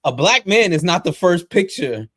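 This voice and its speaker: A man's voice: high-pitched, very animated, normal speed, a bit bright, no room sound, clean studio sound. A man co-hosting a podcast who also coaches workshops, speaking in a reflective, casual way with frequent brief affirmations. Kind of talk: casual conversation.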